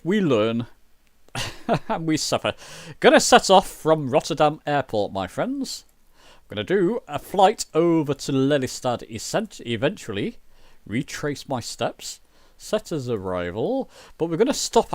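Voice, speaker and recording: A man's voice: mid-range voice, dry recording. A man chatting loosely during a flight sim livestream, rambling and poking fun at himself. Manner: chatty, rambling, self-mocking. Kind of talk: casual livestream chat.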